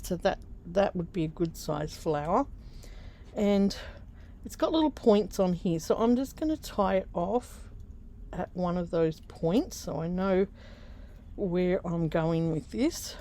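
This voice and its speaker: Middle-aged Australian woman, craft vlogger; mellow, easygoing delivery, chatty and quick to laugh. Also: lowish voice, slight background noise. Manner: chatty, laughs often, rambling asides. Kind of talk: casual craft tutorial.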